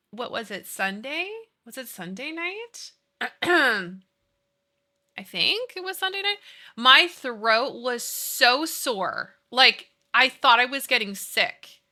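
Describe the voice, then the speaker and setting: Bright-voiced, chatty woman streamer. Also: on the high side. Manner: chatty, swears freely, laughs often, greets chat by name. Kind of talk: casual livestream chat.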